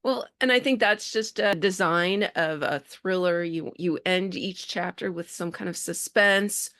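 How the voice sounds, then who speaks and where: A woman's voice: fairly low pitch, a little slow, fairly bright tone. A woman hosting a podcast, talking in a chatty, enthusiastic way with frequent restarts. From Bay Area, California. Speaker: podcast host. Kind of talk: casual interview.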